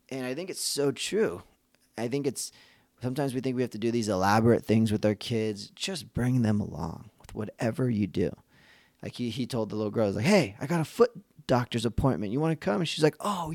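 This dads' podcast host has a lowish, darkish voice, captured dry and at studio quality. His casual monologue is earnest and reflective, full of restarted sentences and acted-out voices of the people he quotes.

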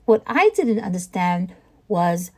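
A woman hosting a podcast, telling stories in a chatty, animated way and acting out conversations with exasperated emphasis and frequent laughter. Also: lowish voice, slow pace. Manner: laughs often while talking. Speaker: podcast host. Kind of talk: casual storytelling chat.

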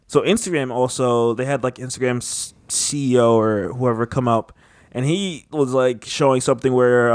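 A man's voice: mid-range voice, dry recording, clean studio sound. A man in casual chat, rambling with lots of filler words and a skeptical tone.

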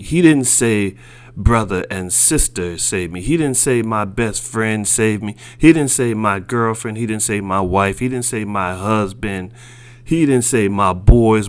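A man preaching a sermon, slow and deliberate, building his points through repeated phrases. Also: lowish voice, smooth.

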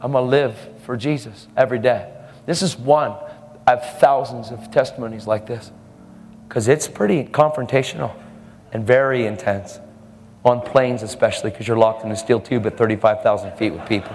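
A man's voice: medium pitch, normal speed, darkish tone, a little hiss or hum. A man preaching a sermon, telling a testimony story in a fervent, emphatic way. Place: church service hall. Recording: reverberant hall.

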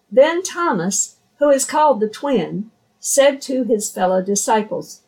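A woman reads scripture aloud, slow and measured, with no rush in her delivery. Her voice is set back from the microphone, so it sounds somewhat distant. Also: fairly high pitch, expressive, a little mellow. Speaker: scripture reader. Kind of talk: scripture reading.

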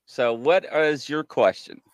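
A man's voice: medium pitch, a little slow, smooth, no room sound. A man hosting a casual live-stream chat, jokey and chatty as he greets viewers by name. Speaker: host.

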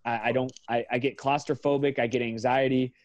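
A man in his thirties talks casually as a podcast guest, swearing freely and correcting his own numbers as he goes. His voice sits at a middle pitch. The sound is dry and close, with little room around it. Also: little pitch movement, brisk, darkish tone, no room sound. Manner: profane, rambling, corrects himself often. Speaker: guest, MMA fighter.

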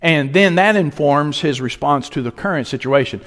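A man preaching a sermon as pastor, emphatic, with dramatic pauses. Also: fairly high pitch, animated, a bit bright, big-room sound.

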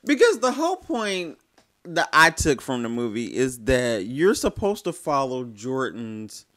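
A man co-hosting a podcast, chatting casually about a film, lively and searching for words. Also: medium pitch, measured pace. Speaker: podcast co-host. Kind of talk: casual film review chat.

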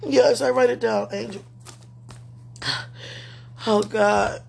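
Distressed speaker murmuring prayers, slow. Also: mid-range voice, vocal fry. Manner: overwhelmed, murmuring prayers to calm down. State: distressed, tense. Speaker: former minister. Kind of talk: emotional live chat. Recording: noisy recording with clicks.

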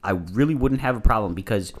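A man co-hosting a podcast, telling stories in animated casual chat. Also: on the low side, quick pace. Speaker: podcast co-host.

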